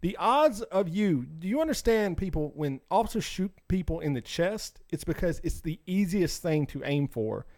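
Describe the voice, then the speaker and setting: A young adult man co-hosting a casual podcast, talking in an animated, exclaiming way and acting out quoted voices. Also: sits high, normal speed, few pauses. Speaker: podcast co-host.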